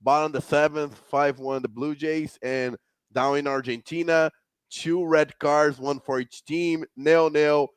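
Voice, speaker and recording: A man's voice: a little high, steady tone, a little slow, smooth, no echo. A man co-hosting a casual sports podcast, emphatic, with nonstandard grammar. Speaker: podcast co-host.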